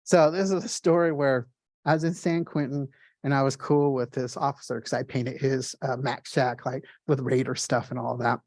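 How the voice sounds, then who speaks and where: Speaking dry and close with no echo, a mid-pitched man tells casual, lively stories about his artwork during a gallery talk. His excitement pushes him into fast bursts, so he hurries along, stumbling on fillers and starting over.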